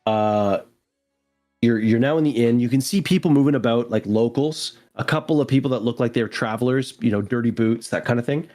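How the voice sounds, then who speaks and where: A man's voice: medium pitch, fairly quick, warm tone. A man narrating a tabletop game as game master, loose and descriptive with lots of fillers.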